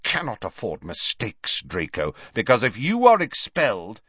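Man playing a cold stern teacher, low and quiet, clipped and menacing, dull dry recording. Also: huge pitch swings, measured pace, breathy edge, dry recording, exaggerated voice. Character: cold, stern male schoolmaster.

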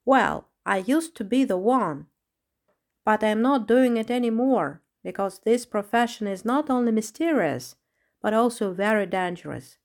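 Woman reading as a calm fakir man, a bit of a whisper in places, storybook voice. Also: a little high, a little slow. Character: wise former snake charmer, male fakir.

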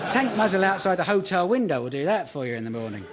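A man's voice: sits high, sing-song, moderate pace, over a noisy crowd, very noisy. A man doing a dry, self-mocking stand-up routine in front of a studio audience on a radio show. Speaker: stand-up comedian host. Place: theatre studio with live audience.

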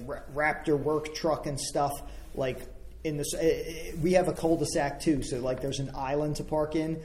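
A man's voice: a little high, mellow, slight background noise, rough recording. A man telling a profane, meandering story in casual chat. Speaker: stand-up comedian.

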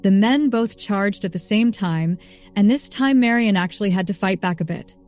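Brief: female narrator, even storybook delivery, middle pitch, light music bed. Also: moderate pace. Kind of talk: scripted narration.

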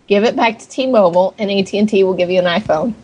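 A woman's voice: mid-range voice, fast talker, a little mellow, a little hiss or hum. A woman making a prank phone call as a phone company rep, brash, abrupt and profane.

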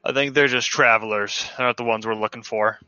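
A wary minotaur village guard, as a man puts him on, folksy and plain-spoken in a bright, forward voice. He is heard through dull, lo-fi online call audio with a dry sound and faint music behind. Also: medium pitch, steady tone, fairly quick, no echo, close to an everyday voice.

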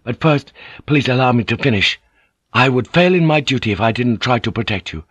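A shrewd samurai vassal pleads his case with quiet authority, read by a man. He sounds earnest, with a mid-range voice. The recording is dry and close. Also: mid-range voice, lively intonation, brisk, no echo, voice pushed up. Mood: pleading. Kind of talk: audiobook character reading.

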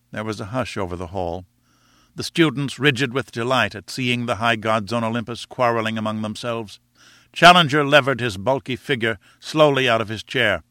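A man reading a classic novel aloud in measured, expressive storytelling narration. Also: medium pitch, no echo, studio quality. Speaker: audiobook narrator. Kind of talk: scripted narration.

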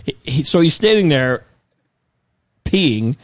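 A man's voice: fairly high pitch, big pitch swings, slow pace, no room sound. A man in his forties telling a rambling, self-mocking story in casual chat.

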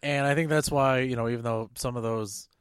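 A man with a mid-range voice trades wry, relaxed remarks in a casual podcast chat about a film. His humor is dry and easygoing. The recording is dry and close-miked. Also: mid-range voice, brisk, clean tone, dry recording. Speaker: podcast co-host. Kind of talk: casual movie review chat.

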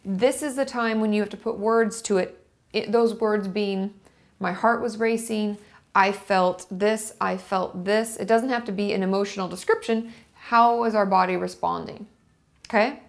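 A woman's voice: mid-range voice, vocal fry. A woman talking casually to her camera, explaining step by step and checking her notes as she goes. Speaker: vlogger. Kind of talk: casual teaching monologue to camera.

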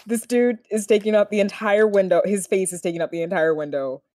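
A young woman recapping a TV episode in casual chat, laughing often and gushing with animated delight. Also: medium pitch, a little fast.

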